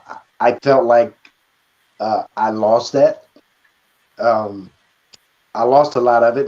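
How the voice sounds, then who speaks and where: A man speaking in an interview with a mid-pitched voice, hesitant and reflective and full of fillers. The audio sounds dull and lo-fi. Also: darkish tone. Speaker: guest author. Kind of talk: conversational interview.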